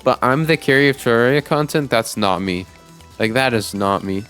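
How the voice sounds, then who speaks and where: A young man narrating his game playthrough who talks to his chat, jokes about himself and gets loud and pleading in boss fights. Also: mid-range voice, normal speed, smooth, soft background music. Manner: excitable, shouts and pleads during fights; talks to chat, self-deprecating. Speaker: gaming YouTuber. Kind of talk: let's play with voice-over narration.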